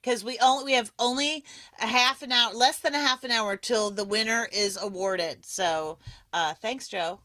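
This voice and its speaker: A woman's voice: on the high side, normal speed, sharp tone, no echo. A woman hosting a live online awards broadcast, chatty and enthusiastic, laughing often as she talks over a video call. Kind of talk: casual live-stream hosting.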